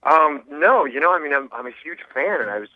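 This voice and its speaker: A man calling into a radio show, talking hesitantly with lots of pauses and restarts. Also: a little high, animated. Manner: hesitant, many ums and restarts. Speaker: caller. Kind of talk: phone call into a radio show. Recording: tinny dry phone line.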